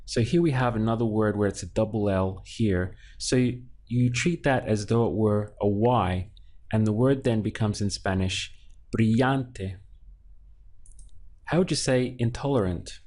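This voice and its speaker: A man's voice: on the low side, moderate pace, darkish tone. A man teaching a language lesson, patiently splitting words into syllables and repeating them. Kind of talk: slow, clear language lesson.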